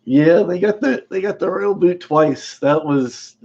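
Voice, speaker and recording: A man's voice: high voice, a little slow, a little mellow, slightly rough, lo-fi sound. A man hosting a live stream in casual chat, rambling, laughing often and greeting viewers by name.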